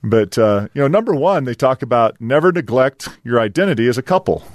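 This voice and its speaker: A man's voice: mid-range voice, lively intonation, a little fast, no echo. Chatty middle-aged man, dry mic. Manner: rambling, laughs often, many fillers. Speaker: podcast co-host. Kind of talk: casual chat.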